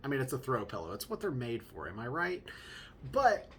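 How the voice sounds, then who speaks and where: A young man chatting casually as a podcast host, his voice bouncing up and down as he jokes through a story about fatherhood. His pitch sits in a middle register, and a faint low rumble hums in the background. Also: fairly quick. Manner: animated, joking, chatty asides.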